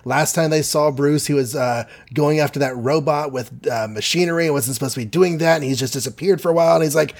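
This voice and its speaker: A man in casual chat, playfully summarizing comic book plots with quick asides and filler. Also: on the high side, creaky. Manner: playful, summarizes plots with goofy quoted voices. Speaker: podcast co-host.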